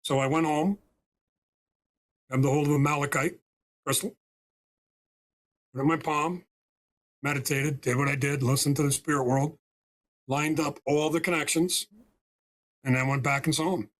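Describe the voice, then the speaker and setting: A man's voice: on the high side, steady tone, moderate pace, pauses often. A man from the United States telling a story as a podcast guest and spiritual healer, emphatic and often checking in with "right?" and "okay?".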